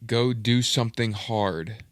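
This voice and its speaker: A man's voice: on the low side, slow pace, no echo. A man hosting a reaction video, commenting in an earnest, rambling, self-reflective way.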